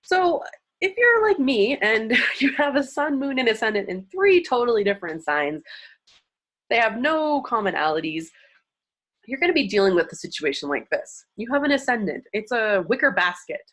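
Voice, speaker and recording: A woman teaching from slides in a chatty, casual way, laughing often and jumping up in pitch for emphasis. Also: sing-song, moderate pace, fairly bright tone. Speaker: astrology teacher. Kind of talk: casual slide-based lesson.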